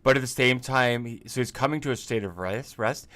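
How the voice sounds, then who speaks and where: A man's voice: medium pitch, brisk, bright, forceful tone. A man chatting casually on a livestream as an indie game developer, rambling, laughing often and restarting his sentences.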